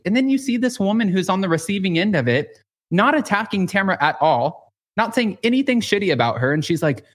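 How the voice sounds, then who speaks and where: A man hosting a podcast, telling gossip with lively acted-out quotes and lots of filler "like". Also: sits high, fairly quick. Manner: animated storytelling with acted-out quotes; frequent filler "like". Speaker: podcast host. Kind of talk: casual gossip chat.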